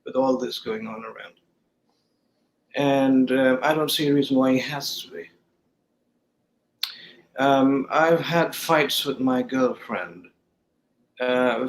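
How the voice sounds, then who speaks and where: A man from the United States with a British-sounding accent, a guest talking hesitantly with many pauses. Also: a little high, rough recording. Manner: hesitant, many ums and restarts. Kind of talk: casual chat on a video call.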